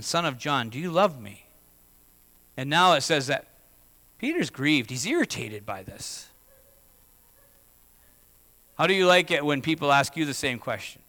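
Male pastor, high and tense-toned, conversational sermon delivery in a long-reverb sanctuary. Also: sharp tone. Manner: conversational, asks the congregation questions.

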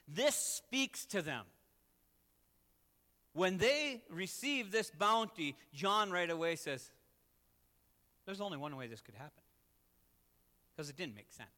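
A man preaching a sermon, telling a scripture story with animated swings between loud excitement and quiet, earnest emphasis. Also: on the high side, slow pace, pauses often, long reverb tail. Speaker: pastor.

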